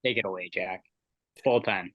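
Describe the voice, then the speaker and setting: A man's voice: sits low, normal speed, dry recording, highs cut off. A man co-hosting a podcast, chatting casually about sports in easygoing banter with rambling restarts. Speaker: podcast co-host.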